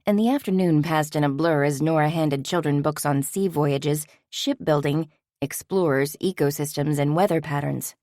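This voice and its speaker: A woman with a deep voice narrates an audiobook, her scripted storytelling measured and even. The recording is dry and studio quality.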